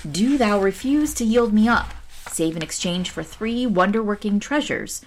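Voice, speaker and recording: A woman's voice: medium pitch, expressive, normal speed, slight background noise, close to an everyday voice. Storybook: loyal unseen spirit servant, reassuring and formal, read by a woman. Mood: instructive. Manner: archaic devoted speech. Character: invisible loyal magical servant, devoted.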